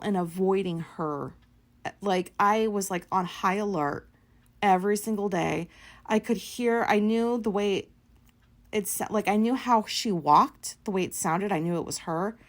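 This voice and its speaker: A woman, likely, hosting her own show and telling a personal story in a blunt, profane, filler-heavy way. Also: mid-range voice. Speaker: podcast host.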